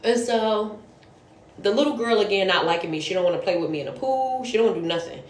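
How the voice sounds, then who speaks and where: A fast-talking woman with a mid-range voice tells a casual story about her job as a nanny, sounding exasperated and speaking bluntly and profanely. The recording has a roomy echo.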